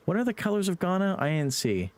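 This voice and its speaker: Lively Irish man streaming a game. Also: high voice, fast talker. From Ireland. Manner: playful, swears, laughs, talks to chat. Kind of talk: live gaming stream chat.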